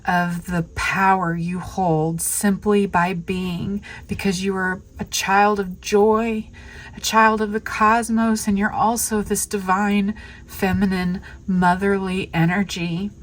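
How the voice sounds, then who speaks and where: A woman's voice: medium pitch, level tone, slow. A woman tarot reader giving an emotional spiritual reading to camera, tearful and gushing with heartfelt affirmations.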